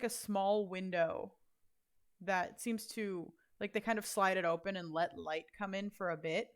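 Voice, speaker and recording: A woman narrating a tabletop game as game master, describing scenes loosely with lots of fillers. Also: mid-range voice.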